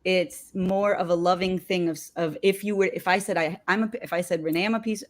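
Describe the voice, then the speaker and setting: A woman's voice: fairly low pitch, steady tone, moderate pace. A woman co-hosting a casual live discussion, talking animatedly with lots of "like" fillers. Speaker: co-host.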